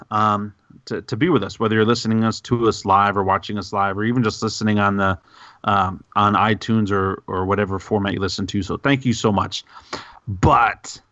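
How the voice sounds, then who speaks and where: Excitable dude rambling on a gaming podcast, goofy and over the top, dry slightly dull sound. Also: male voice, lowish voice, no echo. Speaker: podcast co-host. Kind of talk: casual podcast chat.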